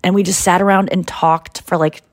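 Low-voiced woman telling an animated story. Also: brisk, no room sound. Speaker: podcast host. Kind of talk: casual chat.

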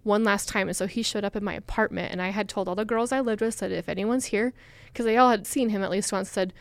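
A woman's voice: medium pitch, fast, no room sound. A young adult woman, a podcast guest, telling a personal story in a chatty way with lots of "like" fillers. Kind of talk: casual storytelling.

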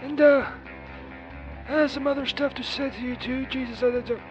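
A man's voice: very high-pitched, fairly even intonation, moderate pace. A man voicing a crude, hostile impression of an old Scottish film star, his accent slipping between Scottish, Irish and his own as he rambles and insults. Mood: taunting. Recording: muffled voicemail recording with faint music.

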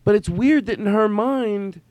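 A man's voice: high voice, measured pace, darkish tone, no room sound. A man hosting a podcast, talking in a rambling, emphatic way with some swearing. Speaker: podcast host. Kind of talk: casual chat.

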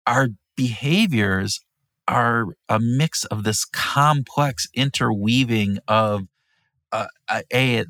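A man's voice: fairly low pitch, creaky, a bit bright, no room sound, clean studio sound. A man co-hosting a podcast in a casual chat, explaining examples and teasing his co-host with mock amazement.

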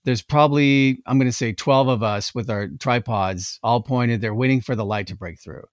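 A man hosting a casual conversation, telling an animated story and acting out what people said. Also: medium pitch, moderate pace, no echo, clean studio sound. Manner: animated storyteller, acts out quotes. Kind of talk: casual chat.

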